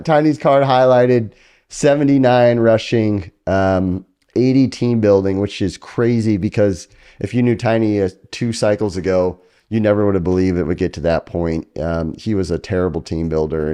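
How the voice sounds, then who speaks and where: A man's voice: deep voice, moderate pace, mellow. A man hosting a casual podcast chat, joking as he presents player cards to a guest. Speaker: podcast host.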